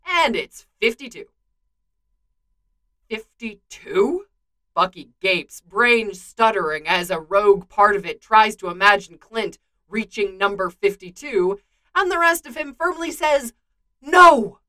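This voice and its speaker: A woman reading fan fiction aloud with expressive storytelling. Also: mid-range voice, normal speed. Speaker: narrator.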